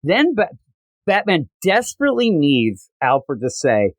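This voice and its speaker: Animated man retelling comic scenes. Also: fairly high pitch, unhurried, no echo. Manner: animated retelling, acting out character lines. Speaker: podcast co-host. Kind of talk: casual comic book review chat.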